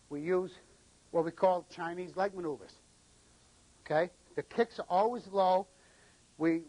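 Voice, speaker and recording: A man's voice: high-pitched, dry recording, poor audio. A middle-aged man from New England, a martial arts instructor who gives short commands and counts out the moves during a live demonstration.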